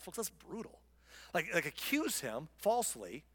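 Guy preaching casually, kinda high voice, big echoey hall, animated and chatty. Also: unhurried. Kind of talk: conversational Bible teaching.

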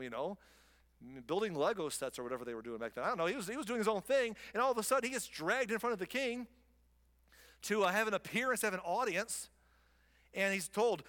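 A man's voice: high-pitched, animated, fast, fairly bright tone. A man preaching a sermon, retelling a scripture story in a casual, conversational way. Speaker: pastor. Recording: long hall reverb.

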